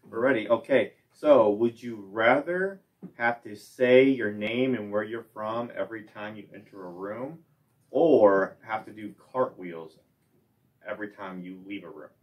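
A man's voice: lowish voice, measured pace, recorded from a distance, dull audio. A man hosting a casual group chat with colleagues, prompting them with follow-up questions. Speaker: host asking the question of the day.

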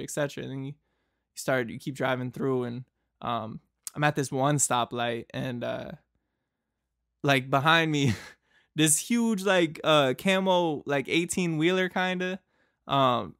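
A young man from Boston, United States, hosts a podcast and tells a travel story in a loose, rambling style full of fillers and laughter. His voice is a little high with a fairly bright tone, recorded dry at studio quality.

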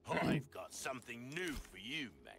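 Shady game merchant, sly salesman, sing-song lively delivery, music faintly behind. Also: medium pitch, fairly quick. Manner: smooth sales patter.

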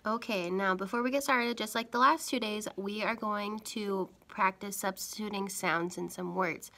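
A young adult woman teaching a phonics lesson to young children, speaking clearly and encouragingly. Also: mid-range voice, moderate pace, bright, forceful tone.

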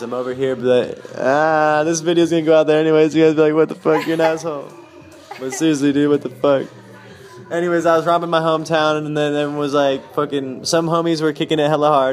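A man's voice: on the high side, steady tone, fast. Rambling, slangy young man with music behind. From Boise, Idaho. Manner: slangy and profane, loose run-on sentences. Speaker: vlogger telling a personal story. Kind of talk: rambling casual storytelling.

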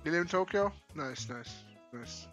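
Loud teasing young British man. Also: on the high side, normal speed, dull audio, faint music behind. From United Kingdom. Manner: loud, teasing, excitable, slangy. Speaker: VRChat vlogger. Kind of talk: casual gaming banter.

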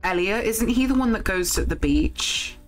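A woman's voice: medium pitch, expressive, moderate pace, faint music behind. A young woman streaming a farming game, chatting casually with her viewers and swearing freely as she plays.

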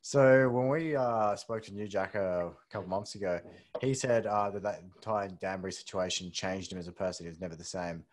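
A man's voice: deep voice, fairly quick. A man co-hosting a podcast who asks his guest questions in a plain, casual way. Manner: plain, asks questions and refers back to earlier episodes. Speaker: podcast co-host. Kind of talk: casual interview.

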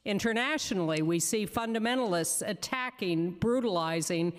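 A woman giving prepared testimony at a council hearing, emphatic and deliberate, slowing down to stress each word of a list. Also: mid-range voice, expressive, in a large hall. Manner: emphatic, deliberate, slows on lists. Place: council chamber.

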